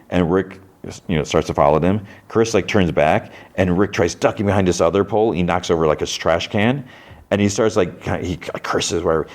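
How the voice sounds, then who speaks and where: Male podcast host, very low voice, loose chatty recap, tosses in little character voices. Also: a little mellow. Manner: loose retelling with frequent "like" and restarts, lightly mimicking characters' lines. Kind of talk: casual episode recap.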